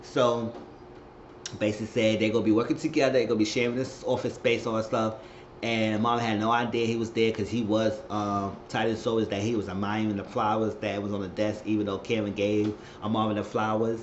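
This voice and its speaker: A man's voice: on the low side, little pitch movement, brisk. Chatty man recapping a TV episode. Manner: chatty, slangy, exclamatory retelling. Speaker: TV show recapper. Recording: roomy, dull recording with faint hiss.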